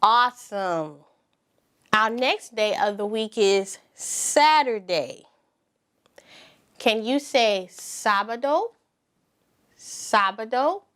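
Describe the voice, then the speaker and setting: A woman teaching a preschool circle-time lesson, speaking slowly and clearly with lots of encouraging praise for the children. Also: a little high, lively intonation, fairly bright tone. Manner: slow, exaggerated, encouraging teacher talk.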